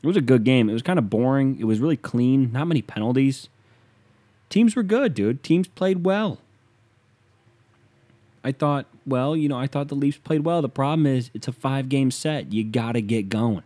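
A man's voice: medium pitch, lively intonation, normal speed, dark tone. A young man from Ohio hosting a casual sports rant, profane and sarcastic.

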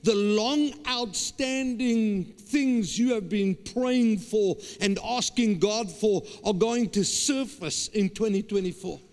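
A man's voice: high-pitched, slow, few pauses, darkish tone. A man, a pastor preaching a sermon with emphatic repetition and stammered restarts. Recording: long hall reverb.

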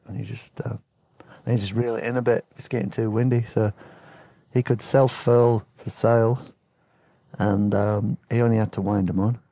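A man's voice: on the low side, gravelly, mellow, no echo, clean studio sound. A man casually telling rambling travel stories on his podcast, with slang, fillers and laughs. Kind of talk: casual storytelling.

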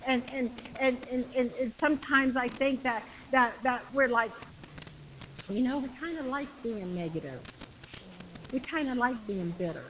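A woman preaching a sermon with passion, repeating phrases and shouting the climactic lines. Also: a little high, normal speed, slight background noise, rough recording.

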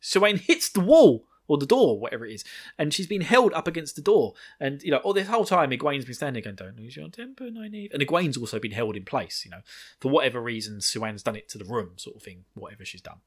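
A man's voice: mid-range voice, animated, fast, breathy edge. Rambling, laughing man recapping a book. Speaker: book reviewer.

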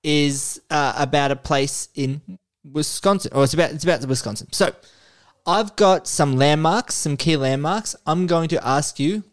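Quizzing his co-host on a podcast, this male host talks a little slowly in a fairly high voice. The chat is casual and playful, with swearing and frequent use of "mate."

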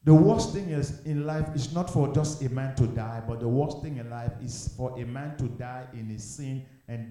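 A man's voice: medium pitch, mellow. A male pastor preaching fervently in an empty church, repeating phrases and asking rhetorical questions. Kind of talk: sermon. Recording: very echoey church room.

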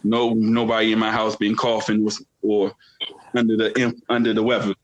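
A man's voice: fairly low pitch, level tone, moderate pace, lo-fi sound. A man co-hosting a casual podcast, explaining things in a plain, matter-of-fact way. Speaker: podcast co-host. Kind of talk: casual chat.

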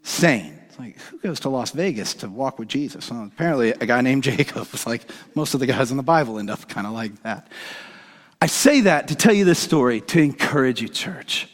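A male pastor preaching a sermon and telling a story, animated and excitable, acting out the dialogue as he goes. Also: medium pitch, a little fast. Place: church sanctuary. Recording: long hall reverb from the church.

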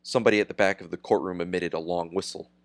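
Low-voiced man narrating a novel. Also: fairly even intonation, quick pace. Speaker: audiobook narrator. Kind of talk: scripted narration.

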